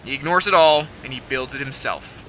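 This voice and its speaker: A young man rambling excitedly and swearing casually while commenting on a game as he plays. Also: mid-range voice, a little fast, noisy background. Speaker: gaming video host. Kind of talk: let's play commentary.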